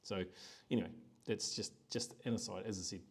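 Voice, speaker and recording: A man's voice: fairly low pitch, steady tone, fairly quick, gravelly, husky. A middle-aged man hosting a live-stream, talking casually and animatedly, slipping into quoted voices. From New Zealand. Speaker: host.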